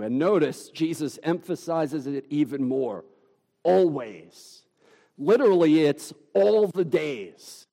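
Male pastor, unhurried emphatic sermon delivery, dark mellow tone. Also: a little high, animated, vocal fry, big-room sound. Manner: emphatic, deliberate preaching with dramatic pauses.

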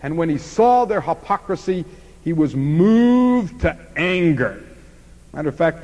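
A man preaching an expository sermon, swinging from emphatic passages to hushed ones. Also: a little high, long reverb tail, low-quality recording.

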